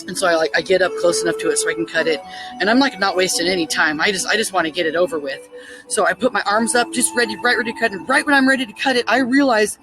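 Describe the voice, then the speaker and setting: A woman casually telling a story, excitable and full of "like" fillers, acting out her own thoughts in quotes. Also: on the high side, fast talker, soft background music, poor audio. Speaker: spiritual storyteller.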